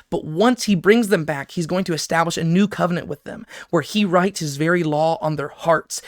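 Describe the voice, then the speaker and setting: A man's voice: a little high, dry recording. Man teaching scripture, dry close sound. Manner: explanatory, reads scripture aloud, frequent "right?" check-ins. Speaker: Bible teacher. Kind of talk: scripture lesson.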